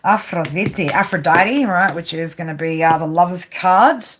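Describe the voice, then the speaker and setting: A woman's voice: low-pitched, normal speed. A woman doing a casual livestream tarot reading, chatty and rambling, swearing casually as she talks through the cards at her table. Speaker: tarot reader. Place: home, at a table under a lamp.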